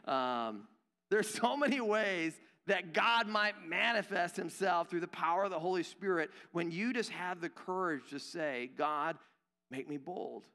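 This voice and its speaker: A man's voice: high voice, animated, unhurried, sharp tone, big-room sound. A young adult man preaching a sermon in a church, conversational and self-deprecating, often acting out quoted voices. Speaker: pastor. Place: church sanctuary.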